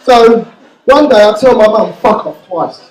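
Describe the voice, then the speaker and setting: A man with a high voice doing stand-up comedy, telling stories with crude, self-mocking punchlines. The sound is echoey and a bit distant, as if it were caught from across a club room. He tells it with an easy storyteller's rhythm. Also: lively intonation, normal speed, a little mellow. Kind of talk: stand-up routine.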